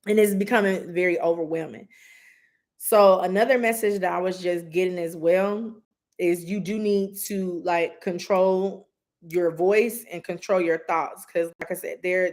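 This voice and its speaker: A woman's voice: fairly low pitch, steady tone, normal speed. A woman doing a live intuitive reading, giving earnest, direct advice with many asides. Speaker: psychic reader.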